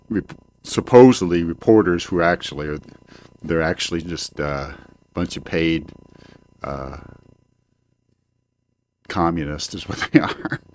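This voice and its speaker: A man's voice: sits low, slow pace, pauses often, a little mellow, a little hiss or hum. An older man ranting at home into a desk microphone, profane and rambling, often stalling on fillers. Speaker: home video show host. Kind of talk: ranting monologue. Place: home, indoors.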